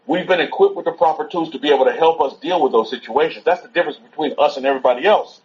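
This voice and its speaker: A man giving an informal, rambling sermon at a Sabbath gathering, repeating himself and talking conversationally. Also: a little high. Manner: rambling, repetitive, conversational, stops to soothe a toddler. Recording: dull lo-fi recording.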